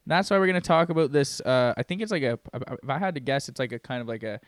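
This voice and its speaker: A man's voice: mid-range voice, fast talker, no room sound, clean studio sound. A man co-hosting a casual comedy podcast, rambling with lots of fillers and laughing often. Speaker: podcast co-host.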